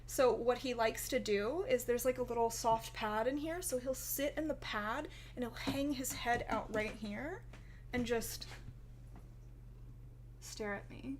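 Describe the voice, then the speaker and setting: Young woman streaming, high voice, keeps laughing mid-sentence, super chatty. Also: a little slow, a little hiss or hum. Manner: giggly, chatty, often breaks into laughter. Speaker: livestreamer. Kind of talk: casual livestream chat with viewers.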